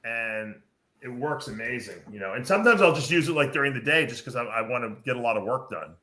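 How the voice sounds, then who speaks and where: A man's voice: mid-range voice, expressive, fast talker, bright, forceful tone. A man hosting a podcast, chatting casually and explaining things at length with lots of fillers. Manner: rambling, explanatory, many fillers. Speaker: podcast host.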